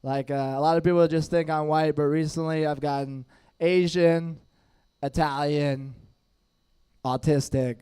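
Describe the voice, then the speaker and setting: A young stand-up comic with a noticeable lisp, working the crowd in a loose, self-mocking way and chuckling at his own lines. His voice sits high for a man and comes across smooth and clear. He is on a stage mic in front of a dining audience. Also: fairly even intonation, a little slow, warm tone. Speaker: stand-up comedian. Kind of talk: stand-up set with crowd work.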